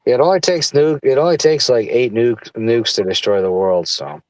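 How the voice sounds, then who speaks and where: A man's voice: mid-range voice, animated, normal speed, dry recording, rough recording. A man with a mixed Chicago accent, a guest on a live stream, talking in a loose, rambling way. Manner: loose, rambling with many "like" fillers. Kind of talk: casual live-stream chat.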